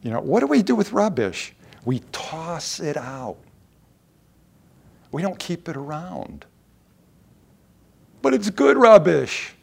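A man preaching a sermon in a conversational, emphatic way, repeating words and restarting phrases, with sudden jumps and drops in loudness. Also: fairly high pitch, very animated, slow, vocal fry, pauses often, husky. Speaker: pastor.

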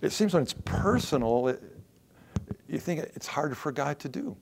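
A man preaches with an earnest, searching delivery and a gravelly edge to his voice. His pitch swings widely as he slows down to stress a point, then drops into hushed asides. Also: very animated, slight background noise. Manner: earnest, varies pace, drops to soft asides. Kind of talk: sermon.

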